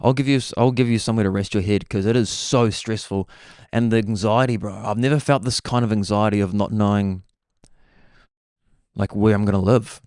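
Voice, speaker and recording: A man's voice: fairly low pitch, fairly even intonation, brisk, a little mellow, dry recording, studio quality. A young man hosting a podcast, talking in a laid-back, meandering way and dropping "bro" often. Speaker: podcast host. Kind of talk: casual rambling monologue.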